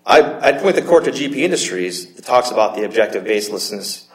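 A man arguing as an attorney in a court, measured and halting, often repeating words as he makes his case. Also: on the low side, lively intonation. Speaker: appellate attorney. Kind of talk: courtroom oral argument. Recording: roomy courtroom echo.

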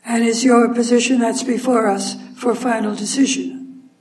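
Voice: medium pitch, little pitch movement, moderate pace, darkish tone. Judge pressing counsel, heard from a distance. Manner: precise, pressing, clarifying questions. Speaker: appellate judge. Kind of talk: questioning counsel from the bench. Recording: voice picked up from a distance.

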